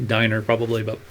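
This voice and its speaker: A man's voice: fairly low pitch, slight background noise. A man thinking aloud as he writes, meandering and trailing off, talking into a glove-covered mic with keyboard typing behind. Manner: meandering, muttering to himself, trailing off. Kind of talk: rambling think-aloud monologue.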